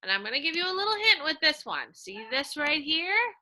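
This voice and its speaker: A woman teacher giving a slow, coaxing reading lesson to young children, sounding out words in a sing-song way. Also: high-pitched, sing-song, pushed and bright.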